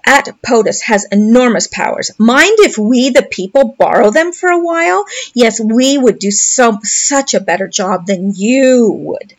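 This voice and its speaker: A woman's voice: a little high, a little slow, few pauses. A woman commentator reading posts aloud and commenting on them in a sarcastic, mocking way.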